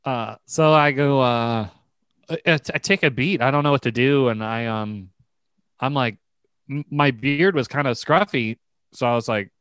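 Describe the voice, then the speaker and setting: A man's voice: medium pitch, normal speed, fairly bright tone, clear, resonant tone, no echo. A man in casual comedic chat, telling a rambling story with frequent laughs and restarts.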